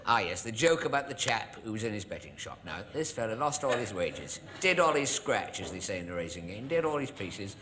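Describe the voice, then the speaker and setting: A man, a comedian, telling a deadpan comic monologue to an audience. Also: fairly low pitch, brisk, hardly any pauses, a little hiss or hum. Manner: deadpan storytelling with acted quotes. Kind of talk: stand-up monologue to a studio audience.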